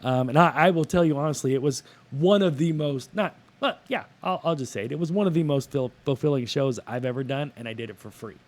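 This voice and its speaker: A man's voice: fairly high pitch, a little fast, hardly any pauses. A man co-hosting a casual podcast, rambling and crude, joking and restarting his sentences. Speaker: podcast co-host.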